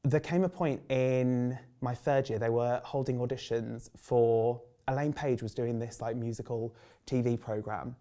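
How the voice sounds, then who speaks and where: A man in his thirties from England with a Birmingham accent, a drag performer telling lively stories in an interview, acting out other people's voices and filling his talk with "like". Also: medium pitch, measured pace. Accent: Birmingham English. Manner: animated, acts out quoted voices, many "like" fillers. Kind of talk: casual storytelling interview.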